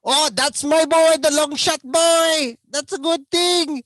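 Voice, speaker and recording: A man playing his elderly Filipino immigrant father, speaking with a Filipino accent in drawn-out, beaming exclamations. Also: extremely high pitch, steady tone, a bit bright, dry recording, clean studio sound, voice pushed up, heavily acted. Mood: proud. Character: old Filipino immigrant father, fond and proud.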